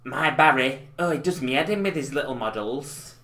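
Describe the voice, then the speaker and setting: A man's voice: medium pitch, animated, moderate pace, pushed and bright. A man putting on a gossipy exasperated mum. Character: gossipy northern English mum, exasperated by her son.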